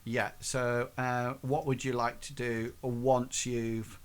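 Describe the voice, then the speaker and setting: A man narrating as game master in a tabletop game, halting and restarting often. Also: medium pitch, little pitch movement, clear, resonant tone.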